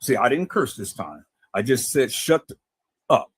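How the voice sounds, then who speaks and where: A man's voice: mid-range voice, sing-song, moderate pace, breathy edge, no room sound. A man talking to his viewers in a casual, preachy way, often stammering and repeating words. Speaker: video host.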